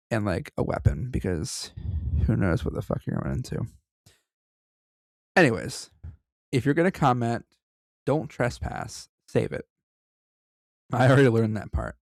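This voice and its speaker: A man's voice: medium pitch, gravelly, darkish tone, dry recording. A man co-hosting a podcast, reading a story aloud and breaking off for profane, joking asides. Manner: profane, joking asides between read passages. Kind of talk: casual story reading with banter.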